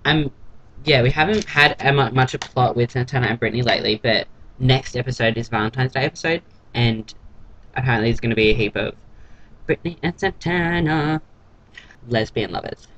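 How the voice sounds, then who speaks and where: A man's voice: mid-range voice, a little fast, a bit bright, lo-fi sound. A man giving a casual, gossipy vlog recap of a TV episode in a catty, sarcastic way. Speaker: TV episode reviewer.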